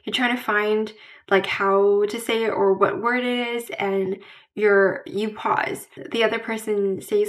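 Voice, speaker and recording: A woman talking candidly to camera in a casual vlog. She pauses to search for words, repeats herself and restarts often, and fills the gaps with "like". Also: mid-range voice, fairly even intonation. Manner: searches for words mid-sentence. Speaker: vlogger.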